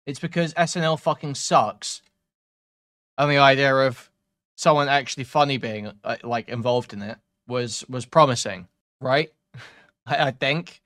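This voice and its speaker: Male commentary host, mid-pitched, profane, jumps from mutters to bursts. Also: measured pace. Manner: profane, swings between mumbling and loud outbursts. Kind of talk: reacting to clips, casual commentary.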